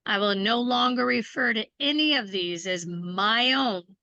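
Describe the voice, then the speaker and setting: Brief: woman ministry teacher, unhurried and deliberate, bright clear tone, dry close sound. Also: fairly high pitch, dry recording, dull audio. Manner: slow, deliberate, encouraging. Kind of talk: teaching a faith course, reading a written covenant aloud.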